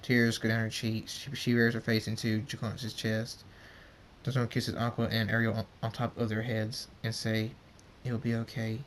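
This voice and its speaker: A man's voice: lowish voice, monotone, moderate pace, a little hiss or hum. A man reading a fan story aloud, often stumbling and repeating words.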